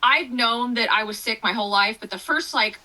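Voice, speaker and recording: A woman's voice: fairly high pitch, fairly quick, rough recording. A woman guest author chatting in an interview, telling stories with lots of laughter and fillers. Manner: animated storytelling, laughing often, many fillers. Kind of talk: casual interview chat.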